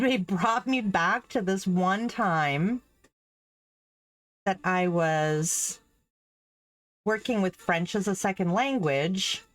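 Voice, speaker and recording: A middle-aged woman, a former French teacher, chatting casually and telling stories, laughing often. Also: lowish voice. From Canada. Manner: chatty, laughs often, acts out quoted voices. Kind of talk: casual storytelling while embroidering.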